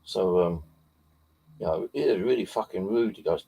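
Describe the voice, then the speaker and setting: A man with a dark, deep, gravelly husky voice tells a loose, rambling story at normal speed, swearing heavily and using lots of fillers. He's a paranormal vlogger from Bexley, southeast London.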